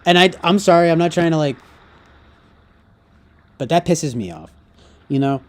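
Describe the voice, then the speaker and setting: A man's voice: a little high, expressive, normal speed. A man ranting casually, rambling and profane, with heavy fillers. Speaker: streamer. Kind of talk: casual rant.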